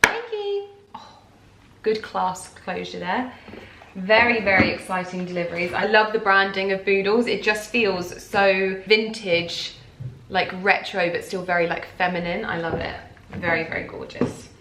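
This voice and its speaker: A woman, gushing and excitable as she chats through a casual unboxing vlog at home. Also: mid-range voice, a little slow, noisy background. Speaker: lifestyle vlogger. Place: home, indoors. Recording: roomy home recording.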